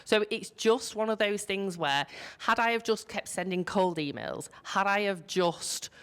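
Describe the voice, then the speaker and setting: A woman's voice: mid-range voice, measured pace, fairly bright tone, clean tone. A woman with a Yorkshire accent, talking on a business panel in a blunt, salty storytelling way, swearing freely. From Yorkshire, England. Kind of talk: casual panel discussion.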